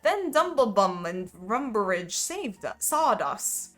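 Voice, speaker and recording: Woman streamer doing a comedic read-aloud, amused, animated pitch, unhurried. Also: soft background music. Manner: amused, often breaks into laughter. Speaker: streamer reading a fanfiction aloud. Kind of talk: comedic dramatic reading.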